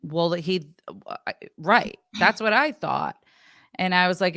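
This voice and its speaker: A woman's voice: fairly low pitch, a little slow, dry recording, clean studio sound. A woman podcast co-host chatting casually, rambling and acting out what people said. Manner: rambling, animated, acts out quotes. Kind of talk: casual storytelling chat.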